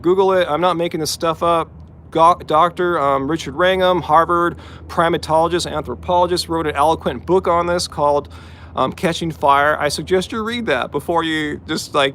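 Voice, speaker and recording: A man's voice: fairly high pitch, a bit bright, slight background noise. Chatty man doing a live Q&A outdoors. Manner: talkative, pointed, rebutting commenters. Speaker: vegan channel host answering live chat questions. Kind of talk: live-stream Q&A.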